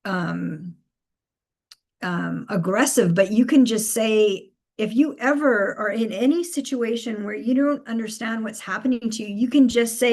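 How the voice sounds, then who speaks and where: A woman's voice: medium pitch, unhurried, a little mellow. A woman hosting a live spiritual guidance stream, speaking emphatically, repeating key phrases and laughing between points.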